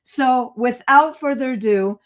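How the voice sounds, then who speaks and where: A woman's voice: sits high, a little slow. A woman hosting an interview in a chatty, upbeat way, with lots of "um" fillers. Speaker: host. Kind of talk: casual interview chat.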